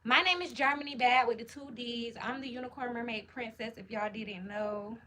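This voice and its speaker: A woman's voice: fairly high pitch, moderate pace, pushed and bright, slight background noise. A woman hosting a livestream, chatting in a hyped, slangy, casual way while answering comments. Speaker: livestream host.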